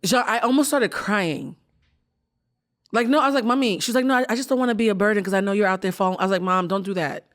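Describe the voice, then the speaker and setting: A woman hosting a podcast, telling stories in a lively, casual way with quick asides. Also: mid-range voice. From United States. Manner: fast, animated storytelling with quick asides. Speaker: podcast host. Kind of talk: casual storytelling chat.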